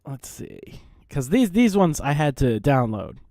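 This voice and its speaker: A man hosts a reaction video, commenting slowly and hesitantly, full of ums and restarts. His voice is dry and close, with a lively rise and fall. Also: mid-range voice, vocal fry, dry recording. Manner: hesitant with many fillers. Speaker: host.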